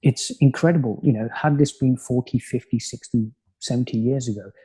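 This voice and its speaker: A man from the United Kingdom, a spiritual teacher, talking in a calm, musing way as a podcast guest, with many "you know" asides. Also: medium pitch, brisk, husky. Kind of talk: reflective conversational podcast talk.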